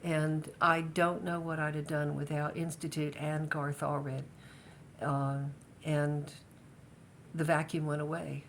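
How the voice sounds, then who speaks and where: An older woman with a fairly low voice recalls her past in a relaxed family interview. She speaks hesitantly and often restarts her sentences. A faint rumble hums under the recording. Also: slow pace. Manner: hesitant, many restarts and fillers.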